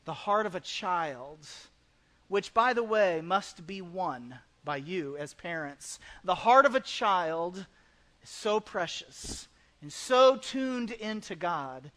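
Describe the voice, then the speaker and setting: High-voiced man preaching a sermon. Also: animated, slow pace, sharp tone. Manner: conversational preaching, acts out quoted voices. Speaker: pastor. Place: church sanctuary.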